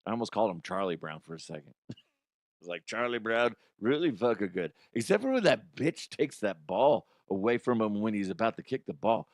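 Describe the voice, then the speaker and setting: A man's voice: lowish voice, sing-song, fairly quick, darkish tone, dry recording, studio quality. A man hosting a sports comedy show, ranting bluntly and cursing often. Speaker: sports comedy podcast host. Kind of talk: profane sports rant.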